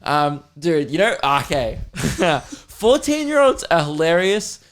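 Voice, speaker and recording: A man's voice: a little high, lively intonation, slow pace. A young man hosting a podcast, telling a comic story in a casual, profane and laughing way with mock outrage. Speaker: podcast host.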